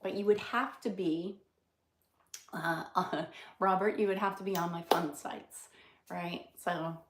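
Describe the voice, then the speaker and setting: A woman's voice: on the low side, steady tone, slow, reverberant, background noise. A middle-aged woman hosting a casual livestream, chatting with viewers, laughing often and talking into her phone. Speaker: livestream host.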